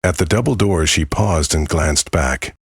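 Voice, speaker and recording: A man narrating a dramatic story in a very deep, husky voice. His delivery is measured and solemn. The sound is close and completely dry. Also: dry recording.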